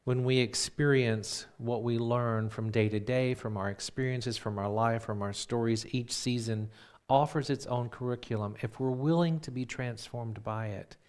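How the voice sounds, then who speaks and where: A man who is a minister, telling a personal story in a sermon and acting out the dialogue with lively voices. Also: mid-range voice, normal speed, clean tone. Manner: turns quiet and reflective when preaching.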